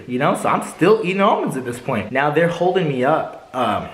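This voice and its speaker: A young man vlogging a casual storytime, animated and slangy, addressing viewers directly. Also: medium pitch, a little fast, echoey room, rough recording. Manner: animated, slangy, keeps saying bro and right.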